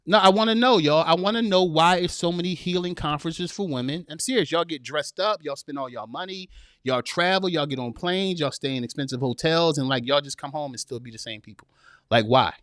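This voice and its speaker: A middle-aged man preaches to his listeners in loose, slang-filled talk and reads their comments aloud. His voice sits a little high for a man. The sound is dry and close, with no room around it. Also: brisk, a bit bright, no echo. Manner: preachy, laughs a lot, drawls with slang. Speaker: podcast host reading live chat. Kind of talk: casual live-stream commentary.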